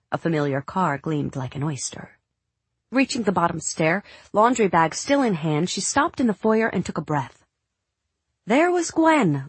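A woman narrating a novel as an audiobook in a measured, literary reading. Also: sits low, slightly rough, no echo. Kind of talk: scripted narration.

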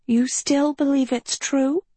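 A woman voicing a prim, anxious, good-hearted female fairy professor who talks in a soft, fretful way. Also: sits high, steady tone, slow pace, dry recording, pitched above the performer's own voice. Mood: worried.

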